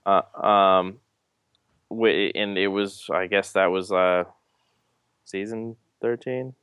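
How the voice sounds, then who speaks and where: A man co-hosting a podcast in casual chat, talking haltingly with frequent restarts. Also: low voice, steady tone, fairly bright tone, clear, resonant tone, dry recording, clean studio sound. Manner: halting, many restarts and fillers. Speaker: podcast co-host.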